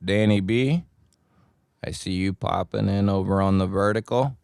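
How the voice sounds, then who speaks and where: Casting note: unhurried man with a deep, smooth voice, a chummy livestream host, dry close sound. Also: a little mellow, no echo. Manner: greets chat viewers by nickname, laid-back and chummy. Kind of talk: casual live chat with viewers.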